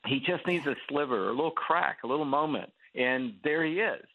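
A man who is a guest preacher, telling a story with animated delivery and acting out the voices of the people in it. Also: fairly high pitch, moderate pace, a little hiss or hum. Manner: acts out quoted voices. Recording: tinny phone line.

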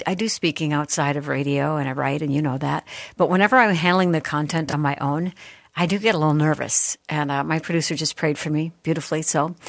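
A woman's voice: deep voice, no echo. A middle-aged woman hosting a faith talk radio show, speaking in an earnest, heartfelt way that is a little teary. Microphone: studio microphone.

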